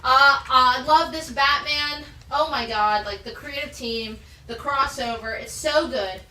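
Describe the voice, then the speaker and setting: A high, bright-voiced woman hosts a live comic sale, enthusiastic and chatty as she runs through issues and prices. She sounds a little off-mic in a roomy space. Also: unhurried, recorded from a distance. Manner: enthusiastic, chatty, rattles off item details. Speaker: host selling comics on a live show. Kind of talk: live sales pitch. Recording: roomy, off-mic, faint background noise.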